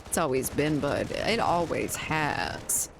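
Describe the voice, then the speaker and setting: A woman's voice: low-pitched, animated, slow pace, vocal fry, a little hiss or hum. A young woman streaming a game, chatting candidly with her chat, joking and laughing often. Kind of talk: casual stream chat while gaming.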